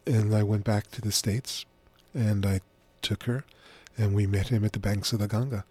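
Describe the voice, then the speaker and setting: A middle-aged man speaks in a husky, slightly low voice as a guest on a radio show. He tells his stories gently and without hurry, close to a dry studio mic. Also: steady tone, dry recording. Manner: gentle, unhurried storyteller. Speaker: author and spiritual teacher as guest. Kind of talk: relaxed radio interview storytelling.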